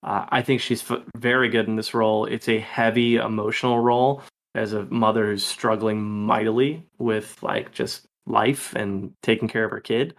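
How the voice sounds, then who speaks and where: A man hosting a movie podcast, talking in a relaxed, rambling way with frequent laughs. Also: on the low side, normal speed. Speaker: podcast host. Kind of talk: casual movie podcast chat.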